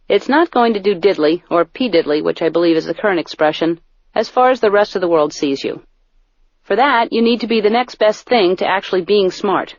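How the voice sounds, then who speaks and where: A middle-aged woman reading her own comic audiobook in a deadpan, self-mocking way, close to the mic. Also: medium pitch, dry recording. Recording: dull, dry studio recording.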